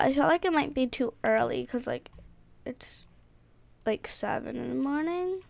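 A young woman with a high voice chats her way through a game in an excitable, rambling way. She speaks slowly and unhurriedly, filling gaps with ums and likes. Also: gravelly. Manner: chatty, excitable, rambling with fillers. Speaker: gaming vlogger. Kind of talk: casual game commentary.

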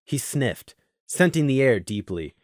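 A man narrating a story in a lively, expressive reading voice. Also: mid-range voice, a little slow, no echo, studio quality. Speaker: audiobook narrator.

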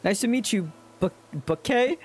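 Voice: medium pitch, animated, moderate pace, pitched above the performer's own voice, lightly acted. A streamer voicing a laid-back video game villager who loves nature, reading the lines in a breezy way. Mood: friendly. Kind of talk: reading game dialogue aloud.

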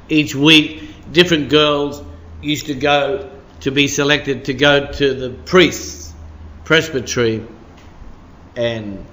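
A man's voice: mid-range voice, a bit bright. A man, preaching a midweek sermon as a pastor in a chatty storytelling way, full of "you know" and "sort of".

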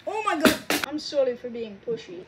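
A woman's voice: high-pitched, lively intonation, moderate pace. A woman voicing two bickering male twin engines in a put-on Scottish accent, petty and squabbling, in a noisy recording.

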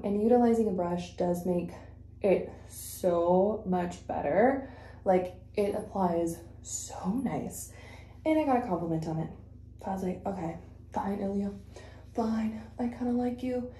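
A woman's voice: mid-range voice, dark tone. Chatty woman vlogger in an echoey room. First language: Spanish. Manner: chatty, rambling with fillers and self-corrections. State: a little out of breath. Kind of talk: casual chat while doing makeup.

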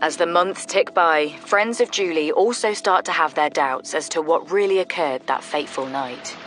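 Low-voiced woman narrating a documentary. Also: normal speed, fairly bright tone, faint music behind. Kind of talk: scripted narration.

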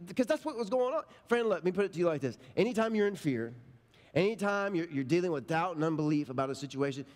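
A middle-aged male pastor preaching a sermon, telling stories in an emphatic, folksy way. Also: a little high. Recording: long reverb of a large hall.

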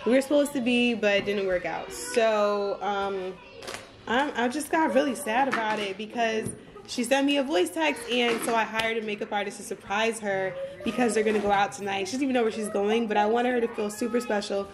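A woman's voice: a little high, fairly quick. Chatty woman vlogging at home over music. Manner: chatty and rambling, addresses viewers as "y'all". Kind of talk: casual day-in-the-life vlog chat.

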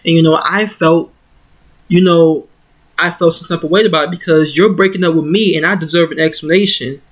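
With a deep voice, fairly even intonation and a slightly fast pace, a young vlogger tells a story about her own life into a computer mic. It's a casual story-time vlog full of rambling and "you know" fillers, and she gets heated and emotional as it goes.

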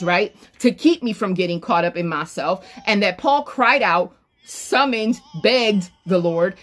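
A woman preaching an online sermon, emphatic and repetitive, calling on listeners by name. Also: medium pitch.

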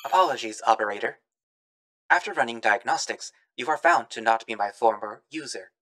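A man's voice: mid-range voice, fairly quick, natural voice. Man voicing a polite robotic AI. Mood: formal. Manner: flat, polite machine phrasing. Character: calm, formal robotic AI assistant.

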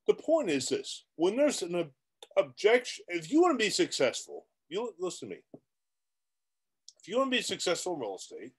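Animated man with a lively voice. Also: high-pitched, moderate pace, breathy edge. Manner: animated, rambling, talks straight at the viewer; blunt and repetitive, with many restarts. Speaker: real estate coach. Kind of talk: motivational vlog monologue.

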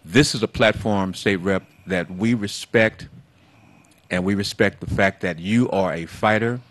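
A man hosting a call-in talk show, folksy, stretching words for emphasis and calling callers baby. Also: on the low side. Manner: folksy, drawn-out emphasis, calls guests baby.

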